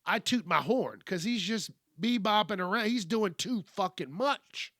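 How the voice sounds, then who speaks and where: Bright, animated man telling a story. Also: high-pitched, measured pace, dry recording, studio quality. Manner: animated, profane and wry. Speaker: podcast host. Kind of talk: casual storytelling monologue.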